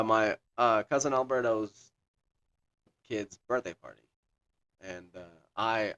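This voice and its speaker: A man's voice: lowish voice, bright, forceful tone, lo-fi sound. A young man co-hosting a podcast, chatting casually and telling a long rambling story full of swearing. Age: young adult. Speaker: podcast co-host. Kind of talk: casual chat.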